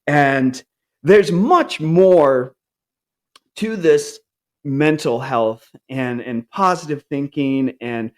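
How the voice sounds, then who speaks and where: Speaking very slowly, a forties-aged man earnestly recounts something personal and candid. When he voices his own cheerful self-talk, his pitch rises.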